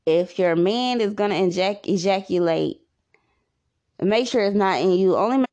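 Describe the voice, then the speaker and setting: A woman's voice: medium pitch, normal speed, a little mellow, highs cut off. A woman hosting a podcast, giving rambling, repetitive advice in a casual monologue. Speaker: podcast host.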